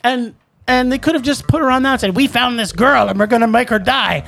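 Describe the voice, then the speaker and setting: A young adult co-host in a casual movie review chat, talking in an animated, ranting way with quick restarts. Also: mid-range voice, vocal fry. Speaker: podcast co-host.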